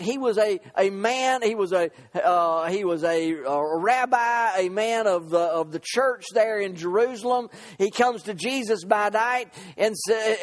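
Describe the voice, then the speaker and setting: High-voiced man preaching a rambling sermon. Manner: halting, repeats words, many fillers, swings between soft and shouted lines.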